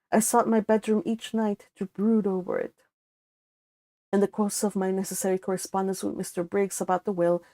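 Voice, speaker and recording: An audiobook reader with a Spanish accent reads a classic novel aloud in a warm, medium-pitched voice. She takes her time, breaking off now and then for casual asides and corrections.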